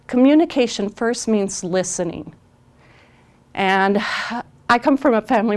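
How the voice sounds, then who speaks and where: An earnest woman of middling pitch leads a training session for parents. She leans on repeated phrases and lands each point with clear emphasis. Her tone stays direct and heartfelt, like an advocate who has been through it herself. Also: a little mellow. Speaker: parent consultant giving a training talk. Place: recorded on camera.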